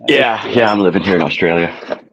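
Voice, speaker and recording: A man's voice: sits low, a little fast, vocal fry, dull audio, crowd noise. A man from Canada chatting on a video call, easygoing and rambling as he thinks aloud. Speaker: stream guest. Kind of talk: casual chat.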